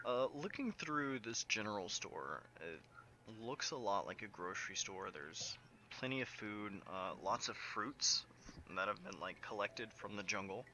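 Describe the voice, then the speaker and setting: A man's voice: fairly low pitch, lively intonation, unhurried, noisy background. A man narrating as game master of a tabletop game, in a casual, filler-heavy way. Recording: background music under the voice.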